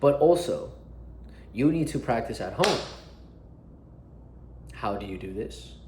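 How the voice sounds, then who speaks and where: A man's voice: mid-range voice, expressive, slow pace, noisy background. A young man giving direct advice on conversation skills, casual and emphatic, often checking in with "right?", and swearing freely. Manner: uses his hands and body while talking. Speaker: dating and social skills coach. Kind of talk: direct-to-camera advice talk. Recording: echoey room.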